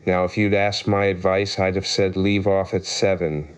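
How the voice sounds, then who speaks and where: A man's voice: low voice, little pitch movement, clean tone, lightly acted. A man voicing a pompous, touchy egg-shaped figure who argues loftily and takes offence easily. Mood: lofty. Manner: lofty, argumentative, quick to take offence.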